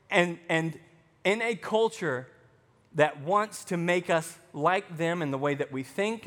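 High-voiced pastor with Southern twang. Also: male voice, fairly bright tone, in a large hall. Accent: Arkansas Southern. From Arkansas. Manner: conversational preaching with joking asides. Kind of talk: sermon.

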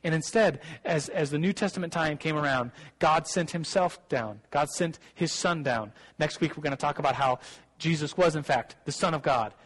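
A man's voice: on the high side, moderate pace, fairly bright tone, low-quality recording. A young man, a pastor, preaching a casual sermon and telling a personal story, with many restarts and asides.

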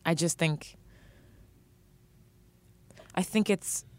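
A woman's voice: fairly low pitch, extremely slow. A woman co-hosting a podcast in casual chat, heated and swearing freely, with frequent laughs. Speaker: podcast co-host.

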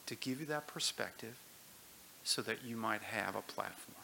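A man leading a church class, first reading a story aloud, then giving earnest, calm instructions. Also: lowish voice, normal speed, creaky, a little hiss or hum, low-quality recording.

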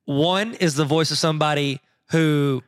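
A man's voice: fairly high pitch, measured pace, clean tone, no echo, studio quality. A man co-hosting a podcast in casual chat, joking and teasing his partner and laughing often. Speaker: podcast co-host.

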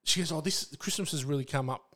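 Animated man telling a story. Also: fairly high pitch, fast. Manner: animated storyteller, acts out quoted voices. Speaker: podcast co-host. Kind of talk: casual chat.

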